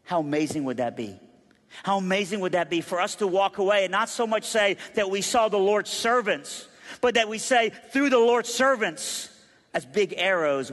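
High-voiced preacher in a reverberant hall. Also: male voice, expressive, moderate pace. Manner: dynamic, swings between loud emphasis and hushed intensity; humorous asides to the audience. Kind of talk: sermon. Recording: long reverb of a large hall.

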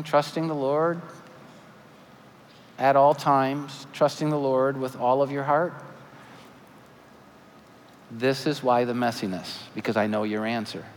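A man in his forties preaching a sermon as pastor, animated with joking asides and earnest appeals. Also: medium pitch, a little hiss or hum. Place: church sanctuary. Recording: church hall reverb, faint ambience.

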